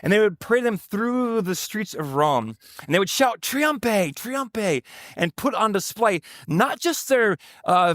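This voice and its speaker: A man's voice: sits high, a bit bright, no echo, studio quality. A man, a pastor, preaching a sermon in a conversational way with joking asides to the congregation.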